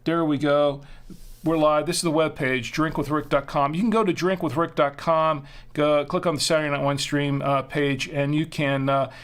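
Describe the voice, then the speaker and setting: A man hosting a casual live stream, talking to viewers in a loose, meandering way. He restarts sentences often and fills gaps with ums and uhs. His voice sits a little higher than most men's. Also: steady tone, moderate pace, a bit bright, smooth. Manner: rambling, chatty, self-correcting with many fillers. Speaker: host. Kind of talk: casual livestream chat.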